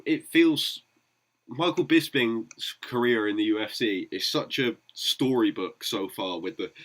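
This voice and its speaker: A man's voice: fairly low pitch, fairly bright tone, low-quality recording. A man co-hosting a sports podcast, hesitant and full of fillers. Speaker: podcast co-host. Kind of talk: casual debate.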